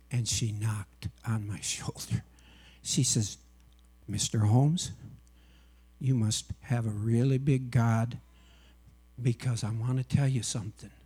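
A man's voice: mid-range voice, darkish tone, slightly rough. A man sharing a personal religious testimony, acting out the lines of everyone in his story with feeling. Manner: storytelling, acting out dialogue, emotional. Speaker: UPS driver and missionary.

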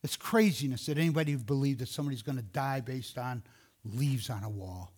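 A gruff old painter who scoffs and waves the whole idea away as a storyteller puts him on. He speaks a little lower and quieter than his teller's own middle-pitched voice. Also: a little fast, lightly acted. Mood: scoffing.

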